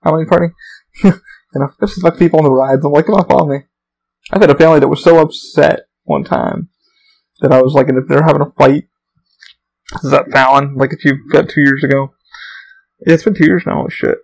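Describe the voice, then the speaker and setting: A man's voice: on the high side, fairly even intonation, fairly quick, gravelly, poor audio. A young man hosting a podcast, telling meandering stories in a casual, profane way. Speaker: podcast host. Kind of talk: rambling casual monologue.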